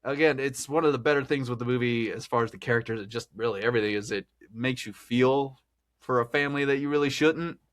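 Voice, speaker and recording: A man's voice: mid-range voice, quick pace, fairly bright tone. A man hosting a podcast, talking through a film in a rambling, chatty way and laughing often. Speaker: podcast host. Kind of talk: casual film discussion.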